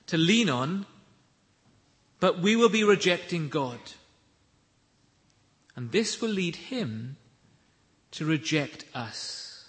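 A man preaching a sermon, measured and emphatic, with deliberate pauses. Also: on the high side, fairly bright tone, big-room sound.

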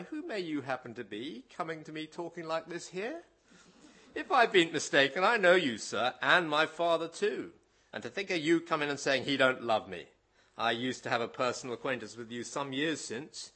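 A man doing a fiery old Cornish tin miner, bellowing his tale in broad rustic dialect. His voice rings bright and climbs high, swinging freely as he rouses himself, all in a put-on Cornish accent during a sermon reading. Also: breathy edge, exaggerated voice. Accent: attempted Cornish. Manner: loud, rustic storytelling dialect.

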